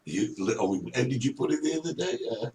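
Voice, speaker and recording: Gravelly, easygoing man hosting. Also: mid-range voice, expressive, brisk, a little mellow, slight background noise. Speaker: talk show host. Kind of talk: casual chat. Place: outdoors at a hilltop lookout.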